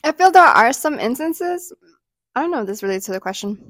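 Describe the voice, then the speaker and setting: A young woman co-hosting a casual chat podcast, talking in an animated way and slipping into quoted voices. Her voice sits a little high, and the sound is close and dry. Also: a little fast, no room sound. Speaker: podcast co-host.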